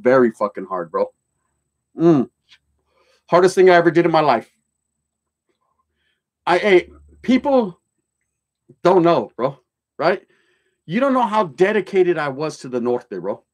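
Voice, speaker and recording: With a high voice, this streetwise livestream host chats casually and reads comments aloud. His stories are blunt and full of heavy swearing and slang mixed with Spanish words, starting out joking before turning serious.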